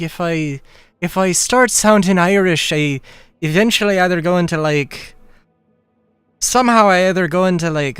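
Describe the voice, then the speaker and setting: A male livestreamer chatting casually as he plays, his talk wandering and doubling back while he laughs often. The voice sits a bit high for a man and comes through smooth and clean, close to the mic in a dry space with no room echo. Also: fairly bright tone. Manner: rambling, self-interrupting, laughs often. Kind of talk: casual chat while gaming.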